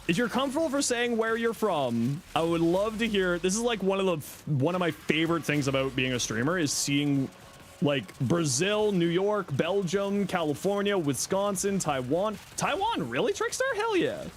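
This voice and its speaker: Reading chat messages out loud and responding to them, this game streamer keeps things casual and lively. He has a light Canadian accent from Southern Ontario and a high-sitting voice at a moderate pace, with a little hiss or hum in the recording.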